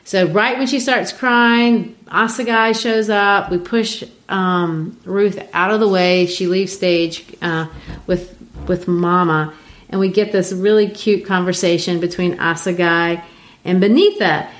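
Woman from Brazil, lower voice, lively retelling. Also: measured pace. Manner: animated retelling with frequent fillers. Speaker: co-host discussing a play. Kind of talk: casual literary discussion.

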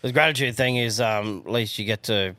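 A man's voice: mid-range voice, fairly quick, sharp tone, no room sound. A young Australian man co-hosting a casual podcast, blunt and reminiscing, swearing freely. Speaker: podcast co-host.

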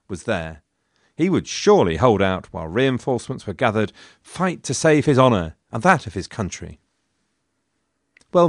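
A man's voice: fairly low pitch, no room sound. A man hosting a history podcast, telling the story in a wry, conversational way with dry asides. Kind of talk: scripted history narration.

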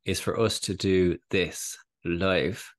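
An Irish man co-hosting a podcast in casual chat, slightly hoarse from a cold, rambling and laughing often. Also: low voice, fairly even intonation, takes it slowly. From Ireland. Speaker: podcast co-host.

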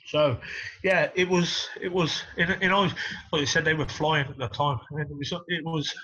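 A middle-aged former footballer, telling stories casually, swearing and laughing a lot. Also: male voice, fairly high pitch, normal speed, breathy edge. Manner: swears a lot, laughs through stories, gets loud when excited. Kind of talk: casual storytelling interview. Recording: dull lo-fi audio.

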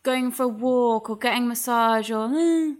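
Woman a bit high-voiced, casual chat, rambly and emotional, swears a lot. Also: unhurried.

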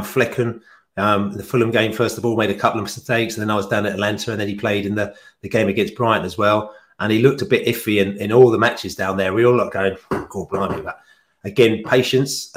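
A man, a football fan podcaster, chatting casually on a podcast in a rambling way with lots of fillers. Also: fairly low pitch. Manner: chatty and rambling, with frequent fillers and quick laughs.

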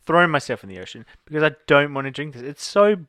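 A man, dry and teasing in a deadpan way as a podcast co-host. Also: fairly high pitch, quick pace, no room sound. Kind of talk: casual chat.

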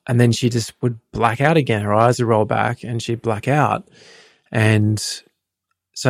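Man, 30s, co-host telling a story calmly, low gravelly voice, dry close sound. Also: a little slow, dry recording. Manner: calm, plain retelling with restarts. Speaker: podcast co-host, husband. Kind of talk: personal storytelling conversation.

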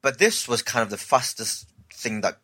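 A male comedian, chatting casually and telling a story with lively acted-out voices. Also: mid-range voice, moderate pace, husky. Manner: animated storytelling, acts out quoted voices. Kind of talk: casual podcast chat.

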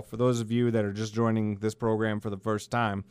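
A man's voice: lowish voice, flat delivery, moderate pace, darkish tone, clear, resonant tone. A middle-aged man from South Dakota, hosting a podcast in a heated, blunt monologue full of swearing. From South Dakota, USA. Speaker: podcast host. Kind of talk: profane ranting monologue.

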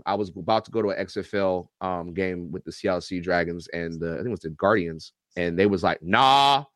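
A man in his thirties or forties, a football coach and YouTube reactor, telling animated, profane, joking stories as a guest on a podcast interview. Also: lowish voice, no room sound, studio quality. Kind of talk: casual podcast interview storytelling.

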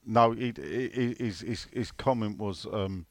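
A man's voice: on the low side, a little slow, hardly any pauses, no echo. A man co-hosting a casual football podcast, rambling through stories, swearing freely and reading out listener questions. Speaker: podcast co-host.

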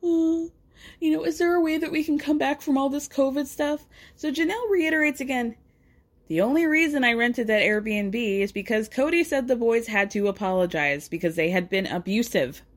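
A woman with a slightly high voice recaps a reality show in a loose, chatty way. She is sassy and profane and mimics the people she quotes, then adds her own snarky asides. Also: normal speed. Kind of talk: casual recap commentary.

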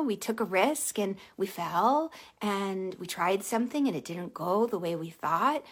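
A woman hosting a casual motivational livestream, telling stories animatedly and dropping to a soft hush on key points. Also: a little high, breathy edge. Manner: animated storytelling with acted-out quotes. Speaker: live stream host, empath coach.

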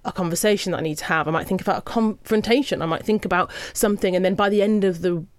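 A woman hosting a podcast in casual chat, animated and laughing often. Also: mid-range voice, quick pace, dry recording. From Jamaican heritage. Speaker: podcast host.

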